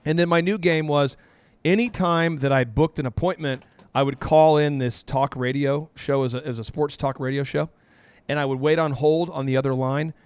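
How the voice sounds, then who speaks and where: A man, a guest in an interview, telling a lively story and often jumping up in pitch. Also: moderate pace, clear, resonant tone, dry recording. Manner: animated, jumps high in pitch.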